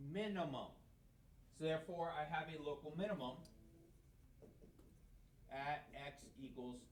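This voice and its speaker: A man's voice: fairly high pitch, slight background noise. A man giving a math lecture in a classroom, talking casually and asking questions that he answers himself. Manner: conversational, asks questions and answers them himself. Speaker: math teacher. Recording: echoey room.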